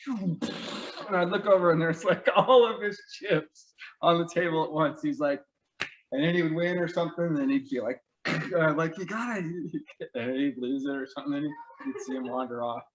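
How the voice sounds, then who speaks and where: A man's voice: fairly high pitch, normal speed, a little hiss or hum. A man casually telling fond, funny stories about a friend, rambling and laughing as he goes, on a dull lo-fi recording. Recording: dull lo-fi mic.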